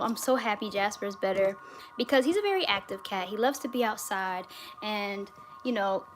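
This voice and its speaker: A woman hosting a casual livestream from home, reading viewer comments aloud in a relaxed way, with fillers. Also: on the high side, a little hiss or hum. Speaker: livestream host. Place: home in the US state of Georgia.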